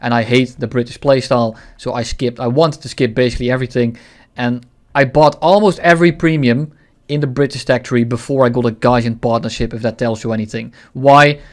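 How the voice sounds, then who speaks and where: A man's voice: mid-range voice, fairly even intonation, fairly quick. A man giving casual, blunt game commentary, opinionated and ranting, with frequent swearing. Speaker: gaming video creator.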